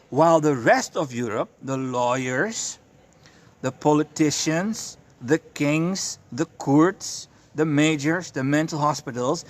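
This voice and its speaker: A man who calls himself a prophet, ranting in a monologue, swearing often and repeatedly insisting he is telling the truth. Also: a little high. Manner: profane, emphatic, keeps insisting he is telling the truth. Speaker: self-described prophet and street preacher.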